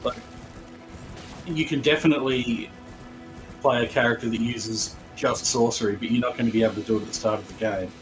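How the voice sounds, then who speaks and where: A man with a medium-pitched voice talks through game strategy calmly and patiently, pausing on hesitant fillers. He sounds relaxed and conversational. Faint music runs in the background. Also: low-quality recording. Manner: calm, explanatory, hesitant fillers. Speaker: co-host player. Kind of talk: casual gameplay chat.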